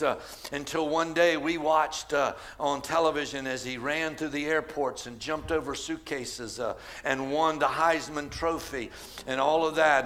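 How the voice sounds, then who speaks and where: A man preaching a Mother's Day sermon with an American accent, swinging from shouted cries to hushed storytelling. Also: fairly high pitch. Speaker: pastor.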